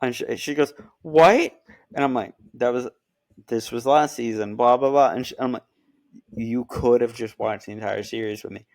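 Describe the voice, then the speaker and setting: A man in casual chat, telling stories with animated, acted-out quotes. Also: medium pitch, normal speed, dry recording, clean studio sound. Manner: animated storytelling, acts out quotes. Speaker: podcast co-host.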